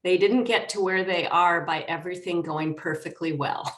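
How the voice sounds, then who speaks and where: A middle-aged woman host speaking in a slightly low voice. She is measured and affirming, and slows her questions down. A roomy echo surrounds her voice. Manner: measured, affirming, drawn-out phrasing. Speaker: host, astrologer. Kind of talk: interview hosting.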